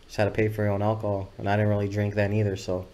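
A man's voice: fairly low pitch, completely flat delivery, very fast, dark tone. A man telling a loose, profane story as a podcast guest, often acting out what others said. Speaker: guest videographer. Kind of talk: casual storytelling interview.

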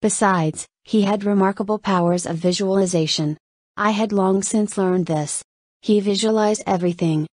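A woman narrating an audiobook in a steady, measured storytelling voice. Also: medium pitch, dry recording. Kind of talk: scripted narration.

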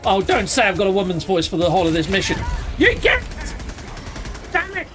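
A British man who hosts a gaming channel, talking through his play in a casual, excitable way and yelping when things go wrong. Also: high-pitched, rapid-fire, over music. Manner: excitable, exclaims and yelps during fights. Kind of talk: casual let's-play commentary.

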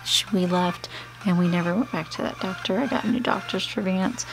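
A woman's voice: lowish voice, moderate pace, gravelly. Middle aged lady rambling thru a story while doing her makeup, lots of um and you know, music playing under it. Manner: chatty, rambling, many fillers. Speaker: beauty vlogger. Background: background music.

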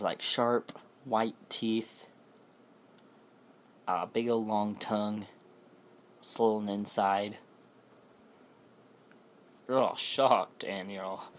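A man casually telling a scary story, rambling and correcting himself as he goes. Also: lowish voice.

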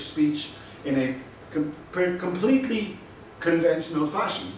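Male lecturer, mid-pitched, measured and dry, recorded far off in a very echoey room. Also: a little mellow, slight background noise. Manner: measured, explanatory, dry asides. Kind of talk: university lecture.

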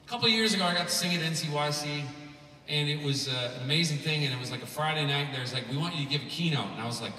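A man in his thirties gives a rambling, joking keynote full of fillers, his voice bright and forceful. He is picked up from a distance in a big conference hall with a long, roomy echo. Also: a little high, quick pace, a little hiss or hum. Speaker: musician giving a keynote. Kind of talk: humorous conference talk. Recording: echoey hall, from far off.

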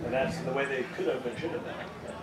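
A man's voice: mid-range voice, steady tone, fast. A man with a mid-range voice who breaks in with short, agreeing remarks during a casual conversation. He sounds far from the mic in an echoey space with heavy ambient noise. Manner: brief agreeing interjections. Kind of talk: casual chat.

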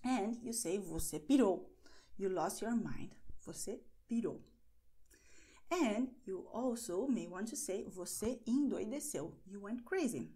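A woman's voice: medium pitch, expressive, unhurried, mellow. A woman teaching a language lesson, a native Brazilian Portuguese speaker who explains patiently and keeps checking in with "okay?".

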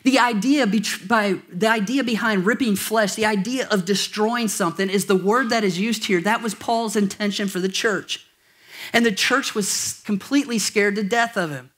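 A man's voice: high voice, moderate pace, a bit bright. A pastor preaching a sermon to his congregation, conversational and jokey, with asides and questions to the room. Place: church auditorium.

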